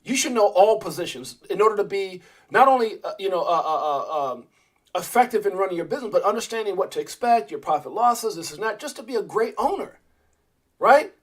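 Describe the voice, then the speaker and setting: A man's voice: sits high, animated, fairly quick. A man hosting a casual crypto livestream, rambling with many restarts and talking straight to his viewers. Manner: rambling, restarts often, addresses viewers as guys.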